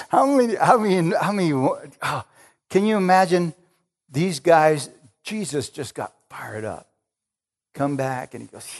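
A middle-aged man preaching in a lively, emphatic way. He keeps turning to his congregation for an amen and speaks in a plain, conversational voice. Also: mid-range voice, vocal fry. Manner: emphatic, calls for amens, acts out Jesus with excitement. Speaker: pastor. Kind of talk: sermon.

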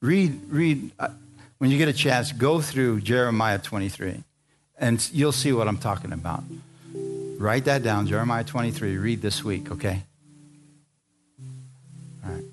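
A man's voice: medium pitch, measured pace, long pauses. A man preaching a sermon, telling a personal story in a conversational way and calling out to the congregation. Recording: music playing behind.

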